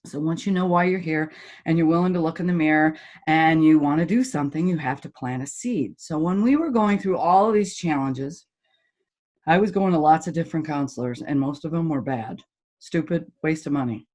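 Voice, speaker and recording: A woman's voice: deep voice, a little fast. A middle-aged woman, a golf teaching pro and motivational speaker, telling stories bluntly and vividly in a podcast interview. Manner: blunt, lively storyteller who acts out quoted voices.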